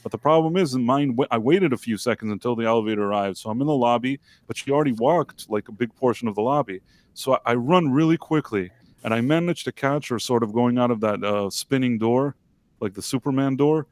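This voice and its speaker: A man's voice: medium pitch, fairly quick, dry recording. Man, livestream co-host, casual storytelling, rambling, lots of ums and restarts, self-deprecating, dry close mic. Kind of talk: casual storytelling on a live stream.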